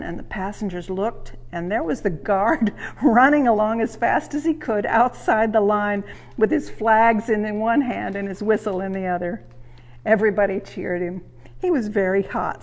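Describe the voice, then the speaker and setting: A woman reads a train story aloud for children, hosting the segment from a railway museum. Her reading is warm and lively, with an expressive, everyday mid-range voice. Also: medium pitch, normal speed.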